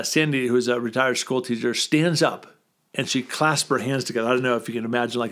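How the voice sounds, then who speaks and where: Male guest, mid-pitched, animated raconteur who voices the characters in his anecdotes. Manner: lively, acts out quoted voices in the story. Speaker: guest speaker. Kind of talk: animated storytelling in conversation.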